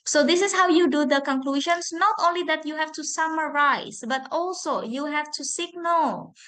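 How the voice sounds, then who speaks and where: A woman English lecturer with an Indonesian accent, teaching presentation phrases in an online lesson, deliberate and repeating each example. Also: high-pitched, a bit bright.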